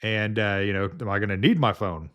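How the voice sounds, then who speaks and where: A man's voice: lowish voice, fairly quick, a bit bright. A man working as a home health nurse, casually telling a story in a rambling way, full of fillers and restarts.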